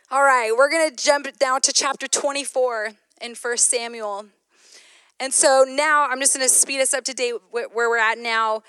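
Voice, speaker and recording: High-pitched woman preacher, laughs a lot, super smooth clear voice, dry close sound. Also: normal speed, no room sound. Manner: animated storyteller, laughs often, addresses listeners as y'all. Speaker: women's ministry speaker. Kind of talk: sermon with personal storytelling.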